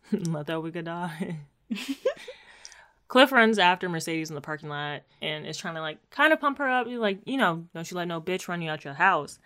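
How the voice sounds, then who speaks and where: A woman's voice: lowish voice, animated, moderate pace, bright, forceful tone. A woman co-hosting a casual podcast, playfully recapping a TV episode in slang and laughing easily. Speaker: podcast co-host.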